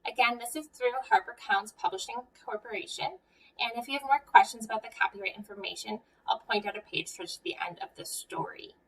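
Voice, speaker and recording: A woman's voice: fairly high pitch, fairly quick, husky, far from the mic, low-quality recording. A young woman with an American accent, a museum educator giving a friendly children's art lesson and story time, asking the viewer questions.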